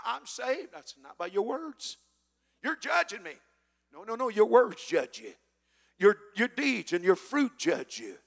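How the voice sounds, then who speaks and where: A man preaching a sermon as pastor, quoting scripture loudly and asking the congregation to repeat after him. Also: sits high, vocal fry, in a large hall. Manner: preaching with shouted scripture and call-and-response.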